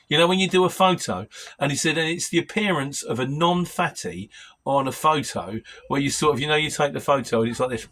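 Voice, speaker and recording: Lively, bright-voiced man. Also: a little high, slight background noise. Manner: rambling, opinionated, animated. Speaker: vlogger answering viewer comments. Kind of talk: casual Q&A chat.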